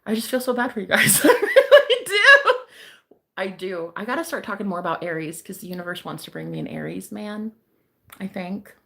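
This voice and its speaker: Brash gravelly-voiced woman joking around. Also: mid-range voice, very animated, moderate pace, a bit bright. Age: adult, married eight and a half years. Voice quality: gravelly, laughs often. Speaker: psychic streamer. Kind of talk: casual chat.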